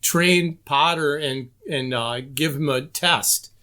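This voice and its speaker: A man's voice: a little high, slow, sharp tone. A man guesting on a podcast, telling stories about old episodes in casual chat. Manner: storytelling, enthusiastic recollection.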